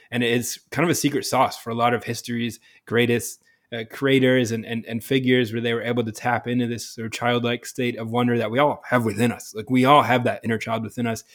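A man hosting a casual podcast conversation, talking enthusiastically and laughing often between thoughts. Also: mid-range voice.

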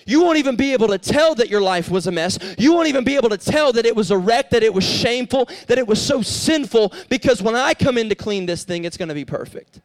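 High-voiced animated youth pastor man. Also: fast, few pauses. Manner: animated storyteller, acts out dialogue with rising voice. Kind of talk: storytelling youth sermon.

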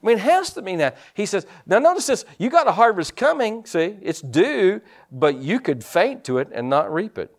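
A man pastor preaching a sermon in a conversational way, dropping in frequent amens and moving between quiet asides and louder emphatic points. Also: sits high, big pitch swings, normal speed, few pauses.

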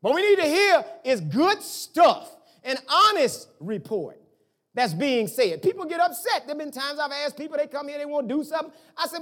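A male pastor preaching a conversational sermon, with sudden rises and drops in loudness as he makes his points. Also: moderate pace. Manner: conversational preaching with lively swings in pitch and volume.

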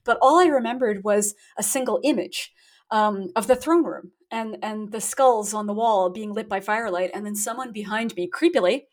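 A woman author talking in a relaxed interview over a remote connection, thoughtful and quick to laugh at herself. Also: mid-range voice. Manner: thoughtful, self-deprecating, laughs often. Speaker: guest author. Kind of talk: casual interview talk. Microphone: remote call.

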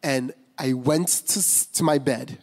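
Candid pastor in reverberant hall. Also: male voice, medium pitch, measured pace. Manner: candid, conversational, many fillers and restarts. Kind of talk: personal testimony sermon. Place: church sanctuary. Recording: long reverb of a large hall.

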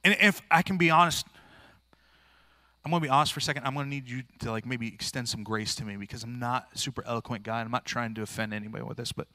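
Earnest, bright-voiced male pastor. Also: medium pitch, fast, dry recording. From rural area. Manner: earnest, plain-spoken, informal with frequent restarts. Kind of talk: sermon.

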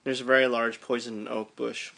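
A man casually recounting a descent down a mine shaft, animated and restarting his sentences as he thinks aloud. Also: medium pitch, moderate pace, creaky, slight background noise. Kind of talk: casual storytelling chat.

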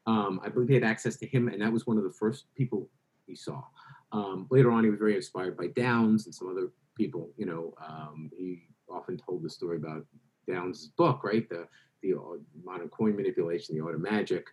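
Man telling lively anecdotes as a guest. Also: sits low, fairly quick. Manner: lively anecdotes with quoted voices. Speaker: author and guest. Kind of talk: interview storytelling.

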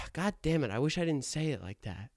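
A man's voice: fairly high pitch, big pitch swings, normal speed, no room sound, studio quality. Stammering young man hosting a podcast. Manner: self-deprecating, stammering, jokey asides. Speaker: podcast host. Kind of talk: rambling comedic podcast monologue. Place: attic.

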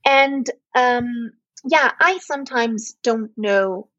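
A woman's voice: on the high side, slow pace, fairly bright tone, dry recording, highs cut off. A young woman from southern Serbia with a Serbian accent, a native Serbian speaker, talking as a podcast guest in a hesitant way with many fillers and restarts. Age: young adult. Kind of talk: casual chat.

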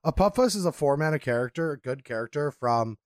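A young man co-hosts a casual gaming podcast, explaining cards and plugging merch with animated energy. His voice sits a little high and sounds close and dry on the mic. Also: quick pace, dry recording. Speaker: podcast co-host. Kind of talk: casual banter.

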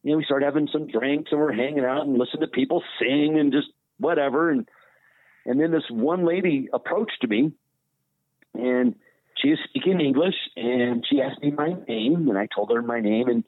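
A man's voice: mid-range voice, normal speed, no echo. Man telling a story over a phone line. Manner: animated retelling with quoted dialogue. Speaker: former baseball pitcher. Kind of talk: casual storytelling. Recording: tinny phone line, dry.

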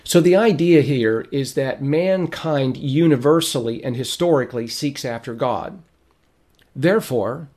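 A man in the middle of his range delivers a sermon-style teaching at a steady, measured pace. His voice is going hoarse, and he stops to clear his throat as he reads passages aloud. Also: mid-range voice. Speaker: preacher.

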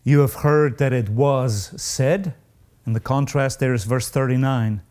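A man preaching a sermon in an earnest, confessional way, rising high in pitch when he reads out the hardest verses. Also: slow, a little mellow.

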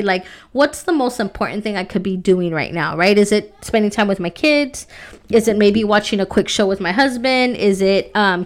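A woman in her thirties hosting a solo podcast, talking casually and encouragingly, often adding "like" and "right?". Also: medium pitch. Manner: chatty, fills with "like" and "right?"; encouraging, faith-based. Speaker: podcast host.

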